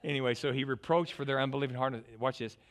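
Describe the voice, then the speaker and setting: A man preaching a sermon in church, animated, often stumbling into quick restarts. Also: mid-range voice. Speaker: pastor.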